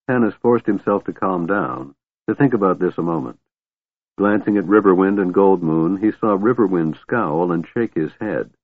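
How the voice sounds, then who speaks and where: A man narrates an audiobook at a measured storytelling pace. His voice sits very low. The sound is narrow and phone-like, and completely dry. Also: dry recording. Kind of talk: scripted narration. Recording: thin phone-like dry recording.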